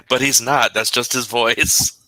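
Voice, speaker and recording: A man co-hosting a casual livestream, easygoing and quick to laugh, chiming in with short remarks. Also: medium pitch, bright, forceful tone, no room sound.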